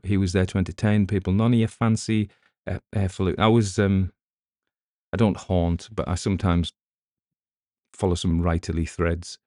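A man's voice: low voice, gravelly, mellow, no echo, studio quality. A middle-aged man with a British accent, an audiobook narrator rambling in casual chat with wry asides.

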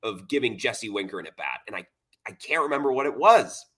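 A man's voice: on the low side, big pitch swings, brisk, a bit bright, slightly rough. A man co-hosting a casual sports podcast, talking in an easygoing, rambling way. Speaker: podcast co-host.

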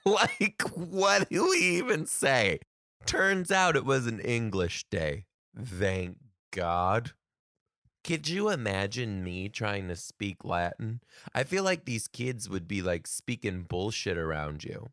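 A man and comedian telling a story casually to camera, animated, laughing often and swearing freely. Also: medium pitch, a little slow, no echo, clean studio sound.

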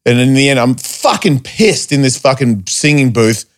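Man, casual podcast chat, animated storyteller, swears a lot, mid-range voice. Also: medium pitch, moderate pace. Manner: animated storyteller, heavy swearing, acts out quotes in a raised voice. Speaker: guest telling stories.

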